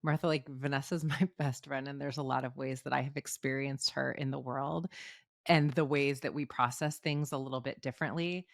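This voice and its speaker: A woman's voice: rumbling low, fairly even intonation, brisk, vocal fry, no echo, clean studio sound. A woman co-hosting a podcast, speaking thoughtfully and reflectively. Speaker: podcast co-host. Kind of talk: casual conversation.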